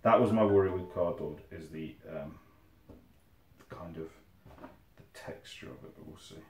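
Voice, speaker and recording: A man's voice: deep voice, normal speed, a little hiss or hum. A man talking casually to camera as he builds tabletop terrain, rambling, mumbling and correcting himself while he works. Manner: rambling, self-correcting, mutters while working. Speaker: hobby crafter making terrain. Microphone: phone camera some distance away. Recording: roomy distant phone recording.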